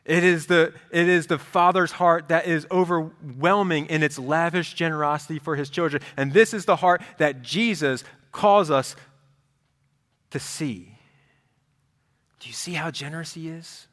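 A man preaching a sermon as pastor, in a conversational, animated style. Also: fairly high pitch, unhurried. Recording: reverberant hall.

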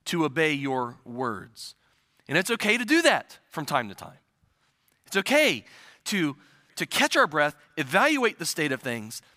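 Male pastor in his forties giving a chatty sermon; long church-hall reverb on the voice. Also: high voice. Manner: conversational, warm humor with many restarts. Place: church sanctuary.

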